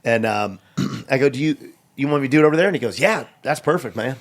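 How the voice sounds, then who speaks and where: A man's voice: mid-range voice, fast talker. A middle-aged man telling comic stories on a podcast, acting out the people in them and laughing often. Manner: lively, acts out voices of people in his stories, laughs often. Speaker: stand-up comedian guest. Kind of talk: animated storytelling on a podcast.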